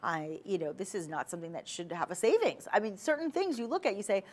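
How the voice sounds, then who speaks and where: A woman's voice: mid-range voice, lively intonation, fast, a little mellow. A woman hosting a live TV shopping show, selling jewelry in a chatty, persuasive way and talking straight to viewers. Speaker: shopping channel host. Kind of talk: live TV jewelry sales pitch. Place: TV studio.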